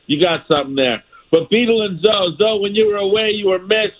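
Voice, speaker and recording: A man's voice: sits high, fairly quick. A man calling in to a sports radio show, chatty and telling a story. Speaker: caller. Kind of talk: phone-in call. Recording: tinny phone line.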